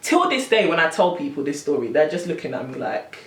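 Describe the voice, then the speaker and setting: A young woman tells a storytime on her vlog, exasperated and full of slang. Her voice is low, and she swings it up and down as she tells it. She sits back from the camera in a roomy space. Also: sing-song, fairly quick, recorded from a distance. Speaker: vlogger.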